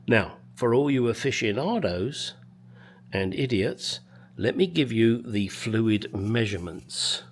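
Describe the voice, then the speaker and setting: A man chatting casually in his home garage about a car restoration, rambling and making crude jokes. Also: medium pitch. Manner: rambling, crude joking, swears freely. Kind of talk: casual workshop chat.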